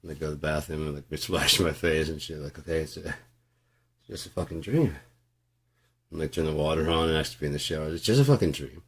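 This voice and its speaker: A man rambles through a loose, profanity-laced monologue. His voice sits very low, gravelly and husky, with frequent laughs. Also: flat delivery, fairly quick, fairly bright tone. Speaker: vlogger.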